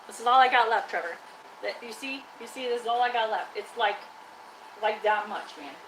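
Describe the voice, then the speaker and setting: A woman with a bright, forceful voice that sits a little high, talking on a live stream while she works in her shop. She chats loosely and teases her trash can as if it were a pal. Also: fairly quick, slight background noise, rough recording. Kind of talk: casual live-stream chat. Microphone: live-stream camera mic.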